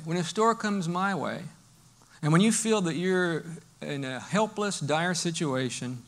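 A man preaching a sermon as a pastor, telling stories in an animated way and swinging between loud bursts and hushed lines. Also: a little high.

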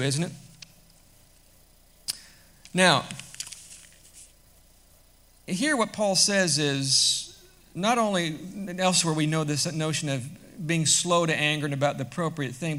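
Bright-voiced male pastor preaching. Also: on the high side, measured pace, pauses often. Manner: conversational preaching, swelling to loud emphatic peaks. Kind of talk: sermon.

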